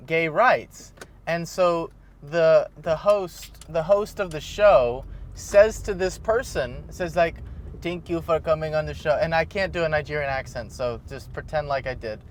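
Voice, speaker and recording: A man's voice: sits high, slight background noise. A man hosting a podcast in casual chat, rambling and laughing often as he tells a story. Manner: rambling, laughs often while telling stories. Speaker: podcast host.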